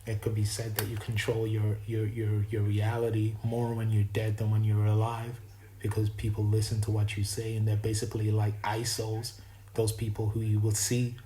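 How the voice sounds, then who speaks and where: A man speaks in a low, mellow voice with an East Coast American accent that he admits is not perfect. He muses through a rambling spiritual monologue in a flat, even tone and keeps restarting his sentences. A faint background noise sits under his voice. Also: moderate pace, rough recording. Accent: East Coast American, self-described as not perfect. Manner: meandering and reflective, with frequent restarts.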